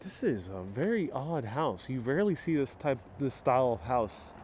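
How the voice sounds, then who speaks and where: A man's voice: mid-range voice, very animated, moderate pace, a little mellow, a little hiss or hum. A man from New York City hosting a casual live-stream walking tour outdoors on city streets, chatting playfully and answering viewers' comments on a clip-on mic. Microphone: wireless clip-on mic.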